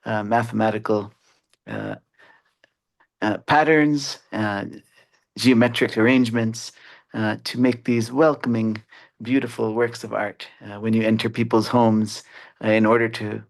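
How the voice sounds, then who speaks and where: A man who teaches mathematics, giving a webinar lecture in an explanatory way and pausing often on "uh" fillers. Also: fairly low pitch, creaky. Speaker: mathematics educator.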